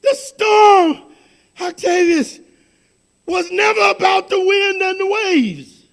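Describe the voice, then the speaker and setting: A man preaching a fervent sermon as pastor, dropping to a hush and then building to shouted, repeated lines. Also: very high-pitched, slow pace, vocal fry.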